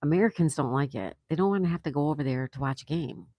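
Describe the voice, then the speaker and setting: A woman's voice: deep voice, quick pace, dry recording, muffled recording. A woman hosting a livestream, chatting casually and greeting viewers by name as she reads their comments aloud. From Florida. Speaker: livestream host.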